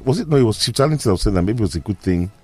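A man's voice: lowish voice, rapid-fire, no echo. Nigerian man telling a sports story. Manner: hesitant, storytelling, lively when animated. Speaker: sports show panelist. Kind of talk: casual chat.

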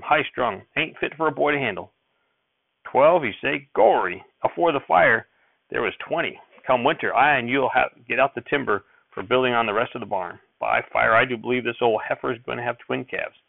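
A man voicing an excitable, cranky old rural grandfather who talks in folksy dialect and repeats his exclamations. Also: mid-range voice, a little fast, gravelly, no room sound, narrow, tinny audio. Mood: jovial.

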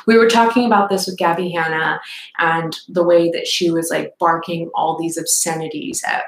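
A young adult woman with a gravelly, lowish voice hosts a casual podcast livestream, chatting ramblingly and reading out viewer comments. The room is echoey, with faint background noise.

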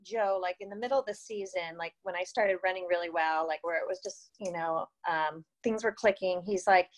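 A woman's voice: fairly low pitch, brisk. A woman in her fifties, a former distance runner, tells stories in an interview in a casual, chatty way, filling her talk with "you know" and "like" and often laughing. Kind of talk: casual storytelling.

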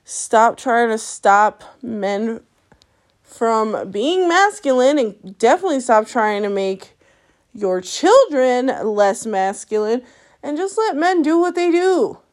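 In a slightly high, sing-song voice and at an unhurried pace, a female podcast host rants at her listeners alone. She is blunt and profane, scolding them and laughing between her lines.

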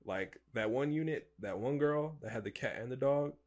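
A young man co-hosting a podcast, chatting in a relaxed, slangy way and quoting himself as he tells stories. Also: mid-range voice, normal speed. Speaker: podcast co-host. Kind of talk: casual chat.

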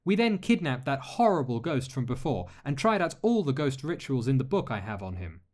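A man's voice: mid-range voice, sing-song, fairly quick, a little mellow, voice pushed up, lightly acted. A man voicing an earnest, flustered young witch girl who stammers when embarrassed. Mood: shy.

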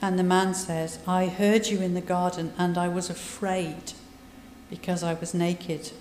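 A woman preaches in a relaxed, conversational way, retelling scripture and adding her own asides. Her voice is mellow and warm. It rings with long reverb across a large hall. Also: on the low side, unhurried, a little hiss or hum. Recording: echoey hall, voice from a distance.

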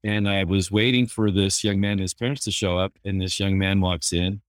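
A therapist chats casually, a man with a somewhat low voice who drifts through anecdotes with easy fillers. The sound is dry and close, with no room around it. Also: steady tone, a little fast, dry recording. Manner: easygoing, anecdotal, many fillers. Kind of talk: casual storytelling.

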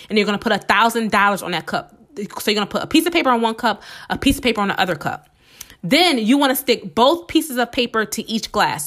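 Woman podcast host, excited and quick, repeats herself, slightly sore throat, mid-pitched voice. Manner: fast-talking, excited, repeats steps. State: a little under the weather, slight sore throat. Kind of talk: casual motivational podcast talk.

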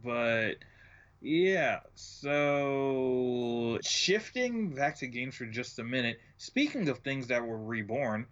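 A man co-hosting a podcast in casual chat, with a dry, low-key manner. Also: animated, slow pace, fairly bright tone. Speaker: podcast co-host. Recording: dull lo-fi mic sound.

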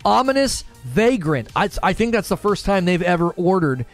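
A chatty, upbeat man in his thirties hosts a live talk stream from home, reading viewer comments and thanking people by name. His voice sits a little high for a man. Faint music plays quietly behind him. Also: very animated, normal speed.

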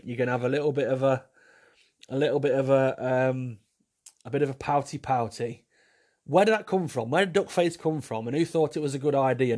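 A man's voice: mid-range voice, a little mellow. Cheeky blunt man ranting. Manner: cheeky, blunt, jokey, laughs often. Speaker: vlogger. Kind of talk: casual opinionated monologue.

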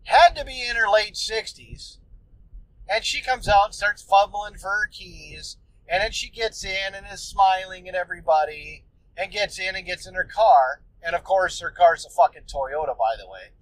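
A man's voice: sits high, normal speed, no room sound, poor audio. A man hosting a solo podcast, telling a story in a loose, profane, ranting way. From United States. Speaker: podcast host.

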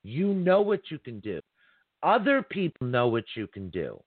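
A man's voice: medium pitch, huge pitch swings, normal speed, no echo. Chatty guy doing live psychic readings, laughs a lot, dry tinny phone sound. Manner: chatty, warm-toned addresses, laughs often. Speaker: psychic reader hosting a call-in show.

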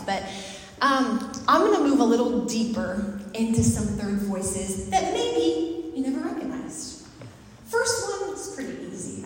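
A woman pastor giving a sermon in a conversational, lively way, laughing and acting out little asides. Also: a little high, a little hiss or hum. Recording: very echoey hall, mic far off, faint ambience.

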